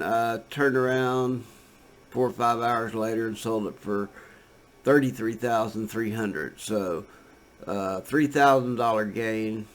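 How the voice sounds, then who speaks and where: A man giving casual, rambling commentary on trading charts, laid-back and full of fillers and restarts. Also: mid-range voice. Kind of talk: casual screen-share commentary.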